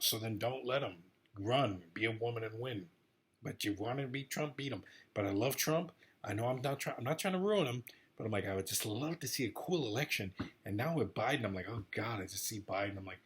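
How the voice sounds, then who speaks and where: A man giving a rambling, excitable casual monologue about politics, repeating himself often. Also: on the low side, fairly quick, husky. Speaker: political commentator vlogger.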